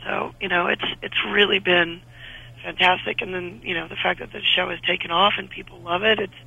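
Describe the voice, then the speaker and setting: Husky, bright-voiced woman actress. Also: fairly low pitch, fairly quick, rough recording. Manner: chatty, animated, frequent restarts. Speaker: actress guest. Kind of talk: casual radio interview chat.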